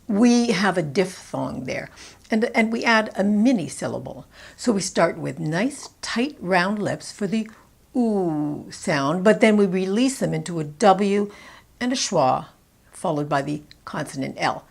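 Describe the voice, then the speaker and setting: Gravelly Canadian woman coaching pronunciation. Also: on the low side, expressive. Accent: Canadian English. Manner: clear, deliberate modeling of words. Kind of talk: instructional commentary.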